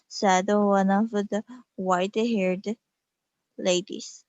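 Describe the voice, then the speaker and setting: A Korean-native woman reading an English storybook aloud slowly and carefully, with small restarts. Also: mid-range voice, flat delivery, a little mellow, dry recording, dull audio.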